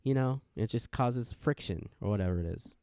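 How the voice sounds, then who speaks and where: A man hosting a podcast, rambling through a casual intro rant and jumping into sudden excitement. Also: mid-range voice, normal speed, no echo, studio quality. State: wired on energy drink. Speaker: podcast host.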